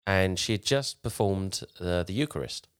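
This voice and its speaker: A man with a very low, deep voice spins a long tale in a relaxed podcast chat. He wanders and restarts his sentences as he goes, keeping it casual. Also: normal speed. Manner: rambling, with frequent restarts while retelling a tale. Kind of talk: casual storytelling.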